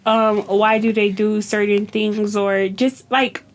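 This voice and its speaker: A woman's voice: medium pitch, flat delivery, takes it slowly, slight background noise. A woman co-hosting a podcast in casual chat, telling stories and acting out her students' lines. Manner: storytelling, acts out quotes from her students. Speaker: podcast co-host, teacher.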